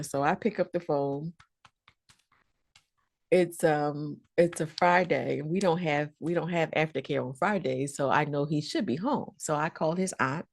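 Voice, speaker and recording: A woman, an educator telling colleagues a story about a student in an animated storytelling way and acting out the voices. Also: low-pitched, gravelly. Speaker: educator and trainer. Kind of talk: storytelling talk to fellow educators.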